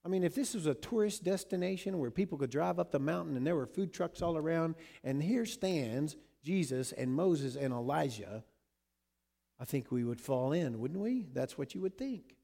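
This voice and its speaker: A man preaching a sermon who swings between loud emphasis and hushed, repeated words. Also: fairly high pitch, expressive, moderate pace, creaky. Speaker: pastor.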